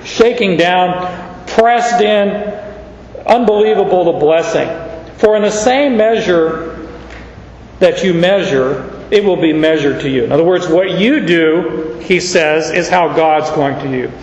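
A man's voice: high-pitched, measured pace, echoey room, long reverb tail, highs cut off, a little hiss or hum. A man preaching a sermon, telling a personal story in a folksy, conversational way.

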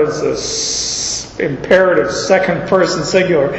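A pastor with a voice on the high side preaches a little slowly in a large church hall, explaining scripture in a folksy manner and drawing on stories from his own life. The recording is echoey and dull, with slight background noise.

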